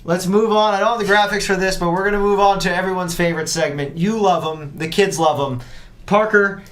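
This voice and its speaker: A man's voice: high-pitched, steady tone, fairly quick. A man hosting a casual podcast, talking bluntly and steering the segments. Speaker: podcast host.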